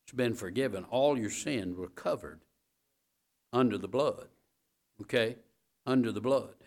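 A male preacher delivering a sermon at a middling pitch, speaking straight to the congregation. He repeats his key phrases for weight, checks in with the listeners, and swells to loud, forceful peaks on his main points. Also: unhurried. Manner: talks straight to the congregation with asides like "all right?".

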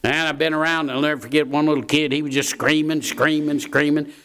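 A man's voice: fairly high pitch, fairly even intonation, brisk, fairly bright tone, clear, resonant tone. A man preaching a sermon in a folksy way, repeating key phrases for emphasis.

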